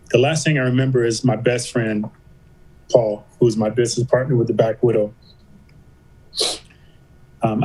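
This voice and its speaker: A man as a podcast guest, telling a story in a loose, conversational way. He acts out each quoted line, and his voice sits at an average pitch. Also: mellow, slightly rough, rough recording. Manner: vivid retelling, acting out quoted voices. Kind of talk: casual interview storytelling.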